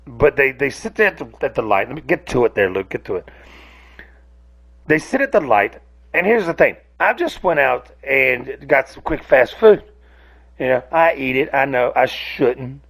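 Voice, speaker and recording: A man's voice: mid-range voice, animated, a little slow, creaky, fairly bright tone. Rambling, cussing man. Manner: rambling, profane, many restarts. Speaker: host. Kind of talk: casual solo rant to camera. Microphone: camera on a device, close.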